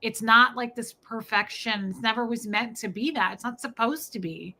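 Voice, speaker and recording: A woman's voice: fairly high pitch, moderate pace. A woman co-hosting a podcast, retelling a movie scene in casual chat, full of "like" fillers. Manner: animated storyteller, many "like" fillers. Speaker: podcast co-host.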